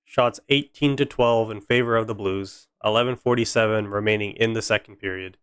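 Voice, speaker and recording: A man's voice: fairly low pitch, fairly even intonation, brisk, fairly bright tone, clean tone, dry recording, studio quality. A young man giving fan play-by-play on a live stream, frustrated and sarcastic about his team. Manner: exasperated, sarcastic fan commentary.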